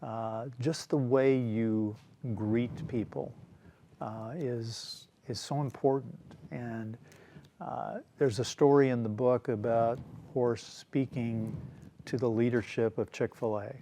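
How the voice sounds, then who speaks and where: Relaxed man hosting a book chat. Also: medium pitch, slow, a little hiss or hum. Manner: rambling, relaxed, frequent fillers and throat clearing. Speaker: show host. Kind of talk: casual book discussion.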